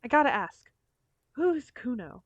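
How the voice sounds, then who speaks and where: A woman's voice: on the high side, very animated, measured pace, no echo, muffled recording. A woman streamer reading game dialogue aloud in a dry, wry way.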